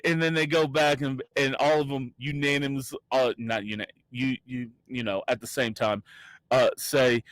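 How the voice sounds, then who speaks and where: A male game master narrating a tabletop game in a playful way, often tripping over his words. His voice is mid-pitched, and the recording sounds close and dry. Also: level tone, moderate pace, fairly bright tone, dry recording.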